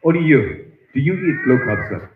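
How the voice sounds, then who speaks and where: A man hosting at a festival tent, chatting with and teasing visitors in a lively way. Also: on the high side, moderate pace. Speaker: event host interviewing visitors. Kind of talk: roving live-stream banter. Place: busy outdoor festival tent. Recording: echoey, muffled stream audio with crowd noise.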